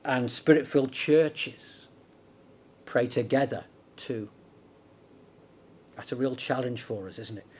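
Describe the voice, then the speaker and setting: A man's voice: medium pitch, takes it slowly, long pauses, a little mellow, slightly rough. A middle-aged man from Liverpool with a Scouse accent, preaching a sermon in a conversational way with rhetorical questions. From Liverpool, England.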